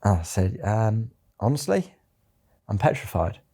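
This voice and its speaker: A middle-aged English company founder tells anecdotes in an interview, chatty and acting out the voices he quotes. His voice is fairly low and dark, very animated, and a little slow.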